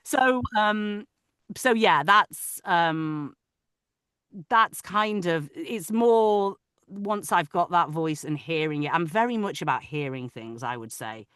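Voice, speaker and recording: Bright-voiced woman narrator chatting. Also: fairly low pitch, slow pace, smooth, no room sound, clean studio sound. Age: adult, parent of older children. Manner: animated, talkative, many restarts. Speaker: audiobook narrator. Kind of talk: casual interview chat.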